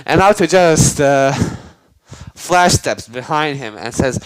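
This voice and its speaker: A man's voice: on the high side, lively intonation, a little slow, a little hiss or hum, poor audio. A man casually retelling a fan-made story, rambling, cursing and full of slang and fillers.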